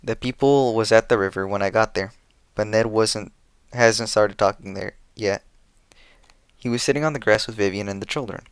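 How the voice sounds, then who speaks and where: A man narrates a novel in the first person, plain and steady. His voice is low and smooth. The sound is close and dry, with no room around it. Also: normal speed, no room sound. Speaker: audiobook reader. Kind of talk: audiobook narration.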